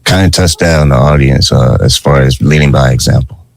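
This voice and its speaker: A male interview host with a very deep voice and a dry, close sound asks his guest long, rambling questions. His delivery is conversational and loose. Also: brisk, creaky, dry recording. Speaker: radio show host.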